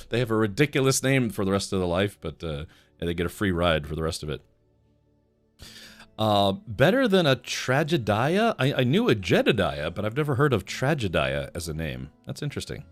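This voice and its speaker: A man hosting a casual livestream, joking and rambling as he reads chat messages aloud. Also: fairly low pitch. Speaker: livestream host.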